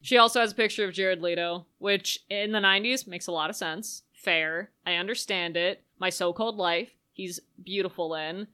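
A woman's voice: fairly low pitch, moderate pace, few pauses, bright, forceful tone, clear, resonant tone. A woman co-hosting a casual podcast, recapping a movie with wry, opinionated remarks. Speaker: podcast co-host.

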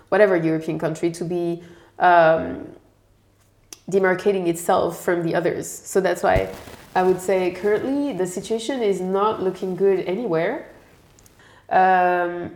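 A woman's voice: mid-range voice, darkish tone. A woman from France, answering interview questions in a thoughtful, explanatory way. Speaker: guest expert. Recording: echoey room.

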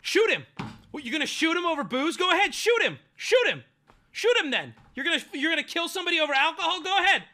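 A man putting on the voice of a frantic male store manager who yells dares in disbelief. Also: very animated, fast talker, heavily acted. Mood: frantic daring. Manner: shrill, yelling, incredulous.

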